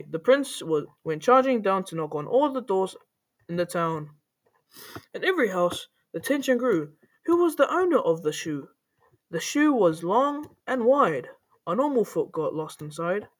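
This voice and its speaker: A woman reading a rhyming children's story aloud in a playful, animated way, with the odd slip. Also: medium pitch, a little slow. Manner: playful, animated, with small slips.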